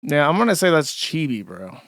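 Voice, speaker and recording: A man's voice: on the high side, sing-song, a little fast, a bit bright, no room sound, studio quality. A man hosting a live stream, reacting to clips with profane, sarcastic ranting. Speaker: streamer host.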